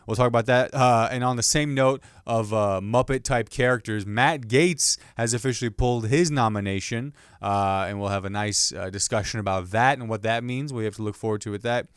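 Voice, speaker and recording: A man's voice: medium pitch, brisk, few pauses, smooth, dry recording, studio quality. A young man hosting his own podcast, chatting in a rambling, jokey way about the week's news and his sports teams. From Indiana. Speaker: podcast host. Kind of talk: casual solo commentary.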